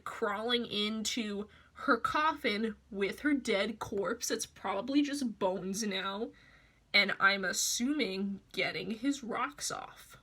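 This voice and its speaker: A man's voice: high voice, pushed and bright. A man casually recapping a film plot for a video review, profane and offhand.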